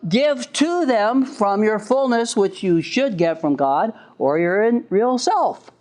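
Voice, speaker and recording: Lively laughing male lecturer. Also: sits high, slow pace. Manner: jokey, laughs at own lines, acts out parent and child voices. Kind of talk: recorded lecture.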